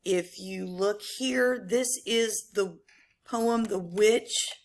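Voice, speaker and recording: Woman teacher, unhurried, patient explainer, casual classroom tone, slight "um" habit. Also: mid-range voice. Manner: patient, explanatory, many ums. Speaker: English teacher. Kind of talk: recorded online lesson.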